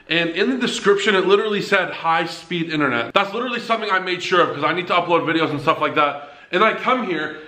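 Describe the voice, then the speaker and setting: Male vlogger, quick and excitable, slightly high voice, echoey room sound. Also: noisy background. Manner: excitable, quick-talking, chatty complaining. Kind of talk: casual vlog to camera. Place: apartment indoors.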